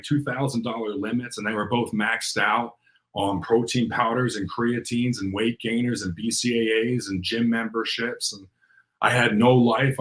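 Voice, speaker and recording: A man, a podcast guest, telling a story in casual conversation, animated and acting out the dialogue, with lots of "like" fillers. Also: mid-range voice, rough recording. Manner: animated, acts out quoted dialogue, many "like" fillers.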